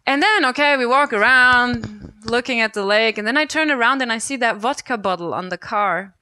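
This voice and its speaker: Bright-voiced German woman, chatty storyteller. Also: fairly high pitch, fairly quick, clean tone, no echo, studio quality. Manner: chatty, laughs often, quotes others in lively voices. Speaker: podcast guest, travel photographer. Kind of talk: casual storytelling. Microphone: remote call-in.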